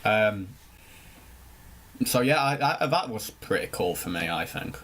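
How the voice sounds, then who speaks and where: A young man, co-hosting a podcast and telling stories in casual chat, animated and swearing often. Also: fairly low pitch, measured pace, slight background noise. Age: young adult. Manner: animated storytelling, swears a lot. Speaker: podcast co-host.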